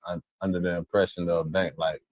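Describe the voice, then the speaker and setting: A man's voice: deep voice, little pitch movement, a little fast, no echo. A man hosting a stream who gives rambling, profane reaction commentary and sometimes gropes for words. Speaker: stream host.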